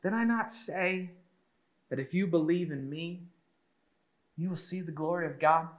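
A man voicing Jesus as a grown man, earnest and tender, rising to loud calls. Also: on the high side, measured pace, close to an everyday voice. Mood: gentle reproach.

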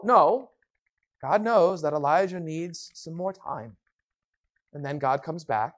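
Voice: medium pitch, slow pace, pauses often. A preacher giving a sermon with a Bible reading, speaking emphatically and acting out the voices in the quotes.

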